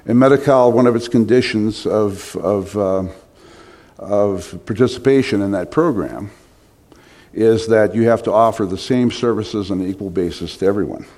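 A man's voice: fairly low pitch, normal speed, a little mellow. A middle-aged man preaching a sermon, telling stories with emphatic, rising stresses.

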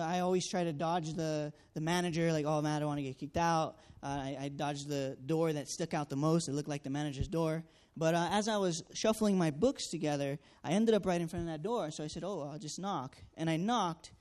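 A man tells a personal testimony in an earnest, storytelling manner. His voice sits a little high for a man. He acts out each exchange and leans on fillers as he goes. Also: steady tone, a little fast, few pauses, darkish tone. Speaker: student canvasser sharing a testimony.

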